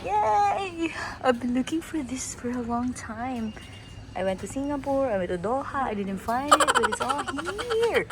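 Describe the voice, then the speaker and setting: A woman vlogging casually while walking around, chatty and quick to giggle and exclaim. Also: a little high, a loud crowd. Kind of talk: casual travel vlog. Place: outdoors on a busy street and in shops. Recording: loud street noise.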